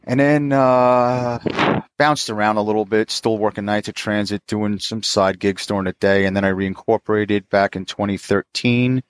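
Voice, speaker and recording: A man in his fifties, a mechanic, telling stories in a chatty, animated way as an interview guest. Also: on the low side, normal speed, clean tone, no echo, clean studio sound. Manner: chatty, animated, laughs often. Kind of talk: casual storytelling.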